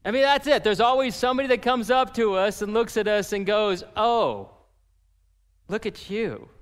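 A man preaching a sermon as pastor, animated and acting out the voices of people in his story. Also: high voice, a little fast, clean tone, long reverb tail.

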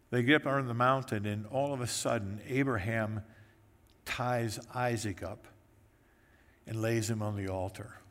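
A male pastor preaching a sermon, telling the story in a lively way and briefly acting out the voices of the people in it. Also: medium pitch, normal speed, long pauses. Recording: echoey hall with long reverb.

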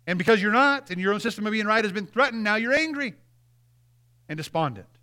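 A man's voice: sits high, expressive, brisk, bright, forceful tone, pitched above the performer's own voice. A male pastor voicing God as a patient, matter-of-fact figure who corrects someone in an everyday way. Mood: correcting. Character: patient, plain-spoken God, a male deity.

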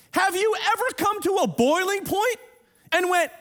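A man preaching a sermon in a church, emphatic and swinging between hushed and loud. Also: very high voice, sing-song, normal speed. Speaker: pastor. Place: church sanctuary, streamed online.

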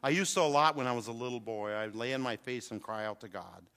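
Older male preacher, bright, hall echo. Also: mid-range voice, quick pace, clear, resonant tone. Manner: preaching with rising fervor, calls to the congregation. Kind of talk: sermon. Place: church hall with congregation. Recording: long hall reverb.

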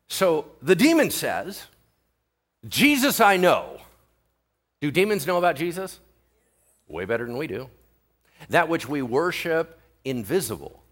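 A male pastor giving a conversational sermon, animated and talking straight to his listeners. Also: fairly low pitch. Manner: animated, conversational preaching with asides to the audience.

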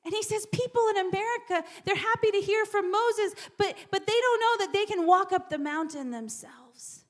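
A woman's voice: very high-pitched, moderate pace. A woman preacher giving a sermon in a church, repeating words and dropping to whispers for emphasis.

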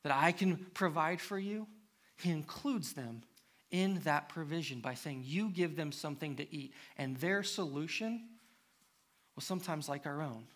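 A man's voice: on the high side, measured pace, fairly bright tone. A man preaching a sermon as pastor, reading scripture aloud and then building to an emphatic, impassioned appeal. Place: church.

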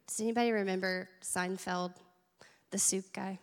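A woman's voice: medium pitch, fairly even intonation, normal speed, gravelly, in a large hall. A woman preaching a sermon at church, earnest and conversational, with asides to the congregation. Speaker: teaching pastor.

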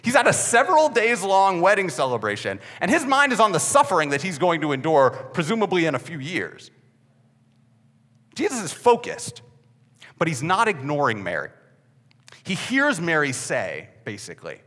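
Animated young man preaching in echoing hall. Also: a little high, normal speed. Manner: lively and joking, repeats words as he restarts. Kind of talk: sermon. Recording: long hall reverb.

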